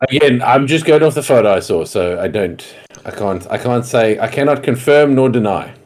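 A man's voice: medium pitch, lively intonation, normal speed, darkish tone. A man co-hosting a casual podcast chat, rambling and swearing freely as he rants. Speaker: podcast co-host.

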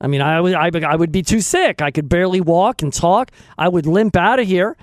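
A radio host rambles casually on a studio microphone, joking at his own expense and talking to himself. His voice sits high and moves fairly quickly, with no echo.

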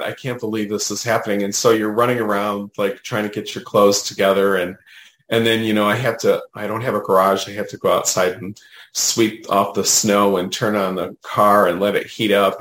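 A low-pitched man chatting through a story with lots of "you know" and "right?". His voice sits in a roomy, echoey space. He tells it casually, with animated emphasis. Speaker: guest, medium.

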